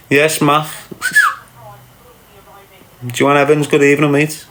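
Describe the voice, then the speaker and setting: A man's voice: on the high side, level tone, a little slow, long pauses, echoey room, slight background noise. A man hosting a casual livestream, answering chat comments with brash, sweary, mocking banter.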